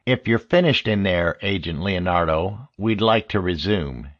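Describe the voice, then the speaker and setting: A man voicing a sleazy, rodent-like male interrogator with a nasal, sharp voice and a smug, officious manner. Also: sits low, animated, measured pace. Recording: dull lo-fi audio.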